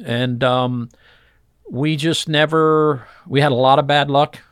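A man who works as a fishing guide, telling old stories in a relaxed interview and acting out the voices of people in them. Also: medium pitch, slow pace, smooth, no room sound, studio quality. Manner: animated storyteller acting out voices in quotes. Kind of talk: storytelling interview chat.

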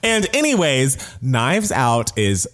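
A man co-hosting a casual podcast, chatty and animated, laughing often as he talks about movies and music. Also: mid-range voice, takes it slowly. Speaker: podcast co-host.

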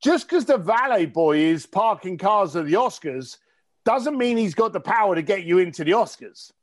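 A man from East tells stories bluntly and cheekily, swearing freely. His voice sits high, and his pitch leaps around with animated energy. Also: normal speed. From East London. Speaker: interview guest. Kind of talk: casual storytelling interview.

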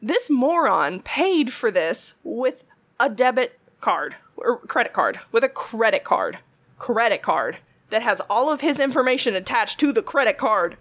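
Animated storytelling woman, higher voice. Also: unhurried. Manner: animated, swears freely, acts out quotes. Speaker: retail worker telling a story. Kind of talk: casual storytelling chat.

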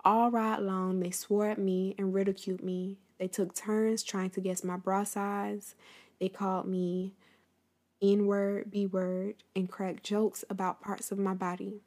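A woman hosting a history story talks at a measured pace in a mid-range, slightly mellow voice that barely shifts in pitch. She chats informally with listeners, addressing them directly, and afterward reads from a book.

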